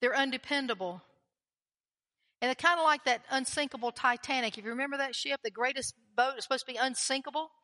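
A woman's voice: high voice, fast talker, sharp tone. A woman preaching a sermon in a chatty, conversational way, often putting questions to the congregation. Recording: long hall reverb.

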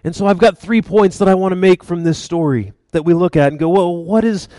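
High-pitched guy preaching, chatty animated storyteller, dry sound. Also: fast, dry recording, poor audio. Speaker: pastor. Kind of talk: sermon.

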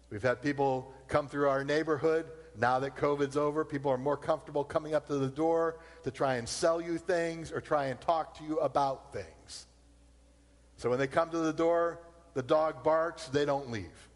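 A man's voice: on the high side, fairly even intonation. Preaching man in a reverberant hall. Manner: slows down to repeat key points. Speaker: pastor. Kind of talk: sermon.

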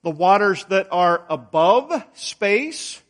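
A man's voice: sits high, big pitch swings, slow. A middle-aged male preacher giving a sermon, telling homey stories and stressing words with emphatic rises. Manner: folksy storytelling, emphatic rises.

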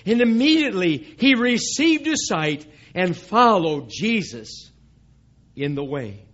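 High-voiced emphatic male preacher. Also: sing-song, measured pace, highs cut off. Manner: emphatic, reads scripture aloud, swells louder on key lines. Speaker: pastor. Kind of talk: sermon. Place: church service.

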